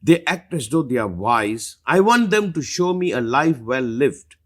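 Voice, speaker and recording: Husky, animated man teaching with passion. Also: a little slow. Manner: emphatic, passionate, lively swings in pitch and loudness. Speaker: spiritual teacher. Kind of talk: live Q&A talk.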